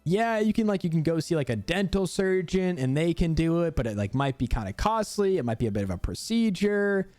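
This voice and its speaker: A woman's voice: on the low side, very animated, a little fast, few pauses, warm tone, dry recording, soft background music, pitched above the performer's own voice. A man putting on the voice of a woman at a dental office, soothing and matter-of-fact. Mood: reassuring.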